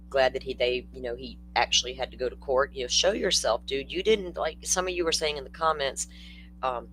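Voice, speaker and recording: A man's voice: mid-range voice, a bit bright, slight background noise, poor audio. Chatty older man hosting a livestream. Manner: chatty, blunt, answers chat comments. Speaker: true-crime livestream host. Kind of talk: casual livestream chat.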